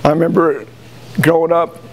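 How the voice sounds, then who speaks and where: An American football coach speaking emotionally at a team banquet, halting and pausing as he addresses the room. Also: fairly high pitch, little pitch movement, creaky, a little hiss or hum, rough recording. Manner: halting, emotional, with frequent pauses and restarts. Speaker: high school football coach.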